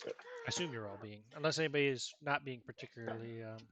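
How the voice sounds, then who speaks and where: A man's voice: mid-range voice, quick pace, background noise. A man running a tabletop game as game master, talking with frequent fillers and self-corrections.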